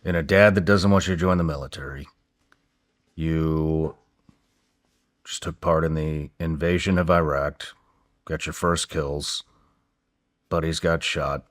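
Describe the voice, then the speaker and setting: A male podcast host with a very low, deep voice asks probing questions and drops blunt, profane reactions. The sound is close and dry, with no room echo. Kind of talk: casual interview.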